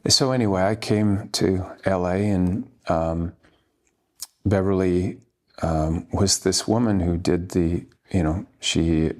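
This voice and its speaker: A man in his fifties from Washington State, an actor guest recounting his life in an earnest, halting way with many pauses. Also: deep voice, darkish tone. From Washington State, USA. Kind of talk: reflective interview storytelling.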